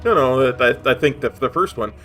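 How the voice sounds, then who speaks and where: Bright-voiced joking man. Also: medium pitch, expressive, faint music behind. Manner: jokey, quick to agree, slight stammer. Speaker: co-op gaming partner. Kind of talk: casual gameplay chat.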